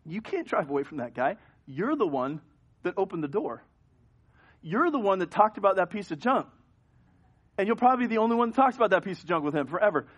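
A man preaching a sermon as pastor, telling a story with animated swings from hushed to loud. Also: sits high, fast, husky, highs cut off. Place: church sanctuary.

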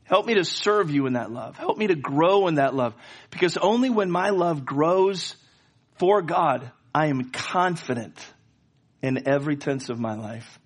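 A man's voice: fairly high pitch, lively intonation, measured pace, slightly rough. A man preaching a sermon, telling a story and rising to fervent pleas. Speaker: pastor.

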